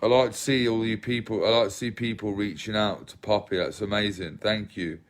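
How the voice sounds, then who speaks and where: A man's voice: on the low side, steady tone, a little fast. A man, chatting casually on a livestream, rambling, swearing and reading viewer comments aloud. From England. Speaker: livestream host.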